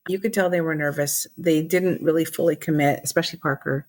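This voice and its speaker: A woman's voice: low-pitched, fairly even intonation, a little fast, a little mellow. A woman co-hosting a podcast, leading the discussion in a casual, agreeable way. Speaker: podcast co-host. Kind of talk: casual chat.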